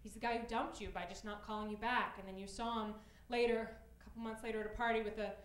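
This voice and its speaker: High-voiced woman doing stand-up. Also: fast talker. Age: late 20s. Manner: self-deprecating, jumps to loud excited bursts. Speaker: stand-up comedian. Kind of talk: stand-up comedy set. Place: comedy club stage before a live audience. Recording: roomy club sound, audience laughter.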